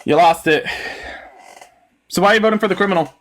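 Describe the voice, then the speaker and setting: A man's voice: sits high, fast, a bit bright. Sarcastic man hosting a live debate. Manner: sarcastic, mocking, jumps between a put-on folksy drawl and plain talk. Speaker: livestream debate host. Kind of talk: live-stream political debate.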